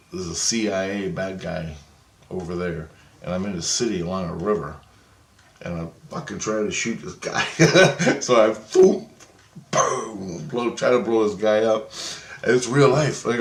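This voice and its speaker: A man telling a rambling story in a monologue, excitable and cursing freely, retelling a conversation line by line. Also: sits low, reverberant, low-quality recording. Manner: excitable, swears freely, retells dialogue with many "I go, he goes". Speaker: vlogger.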